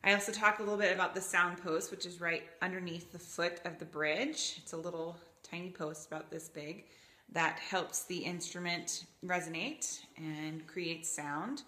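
A woman from Florida teaching violin, patiently explaining the parts of the instrument and sometimes demonstrating pitches with her voice. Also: steady tone, moderate pace, pushed and bright. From Gainesville, Florida, USA. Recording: roomy echo, faint violin.

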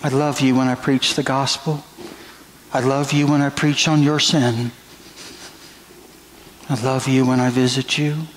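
Middle-aged male pastor, earnest sermon delivery, very slow and deliberate, faint background noise. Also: mid-range voice, level tone, poor audio. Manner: slow, earnest preaching with drawn-out phrases. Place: church sanctuary.

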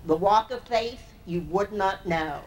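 A woman's voice: mid-range voice, measured pace, darkish tone, natural voice. Woman voicing a stern, weary Lord. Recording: distant mic with faint noise.

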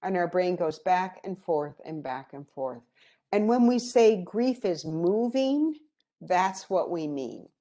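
A woman giving an educational presentation on grief, calm and gentle, explaining through stories. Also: lowish voice, takes it slowly.

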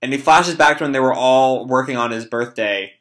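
A man's voice: mid-range voice, a little fast, a bit bright. A young man reading and reacting to a manga chapter in casual, rambling talk with swearing and lots of fillers.

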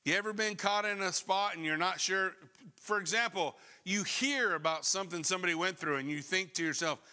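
A middle-aged male pastor preaching a sermon in a conversational, animated way, full of rhetorical questions. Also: high-pitched, brisk. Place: church sanctuary. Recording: long church hall reverb.

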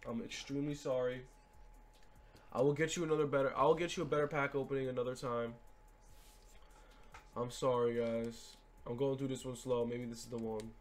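A young man giving gaming commentary as he opens card packs, swinging between hyped shouts and deflated mumbling. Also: medium pitch. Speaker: gaming YouTuber. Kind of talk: pack-opening commentary.

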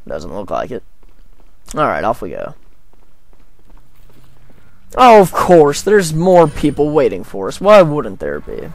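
A man joking and rambling through a video game playthrough, with a gravelly, slightly high voice. His pitch bounces around a lot as he reacts to the game. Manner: rambling, jokey, self-deprecating. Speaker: let's play gamer. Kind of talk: casual gameplay commentary.

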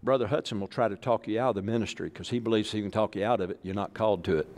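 A man's voice: lowish voice, fairly even intonation, rapid-fire, a little mellow. A man from Arkansas, preaching a sermon as pastor in a folksy, joking style that calls on the congregation to repeat after him. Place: church sanctuary. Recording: echoey church hall.

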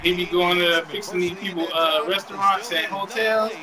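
A man's voice: high-pitched, fairly even intonation, moderate pace. A man in casual, profane, joking chat while playing a video game. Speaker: gamer. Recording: distant mic with game crowd.

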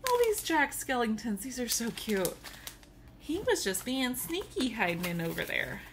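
Here the mom and tumbler maker is giddy over a gift she's unboxing on camera, giggling, gushing and letting out delighted squeals. Her fairly high voice is very animated and a little slow, somewhat bright, with a faint hiss or hum.

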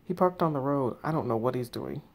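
A woman reading the texts of a young woman hiding from a stalker, hushed and tense. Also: rumbling low, a little fast, gravelly, pitched below the performer's own voice, exaggerated voice. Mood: nervous. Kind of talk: text story read aloud.

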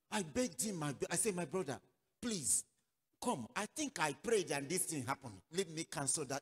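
A man from Nigeria preaching a sermon as pastor, telling a story with acted-out dialogue and sudden loud outbursts. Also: fairly high pitch, animated, moderate pace, breathy edge. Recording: long reverberant hall.

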